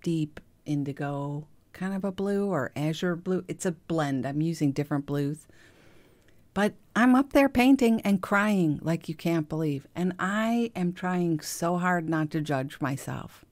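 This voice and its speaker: A middle-aged woman hosting a podcast, speaking in a gentle, confiding way that often drops to a soft hush. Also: deep voice, unhurried. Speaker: podcast host. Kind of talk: reflective monologue.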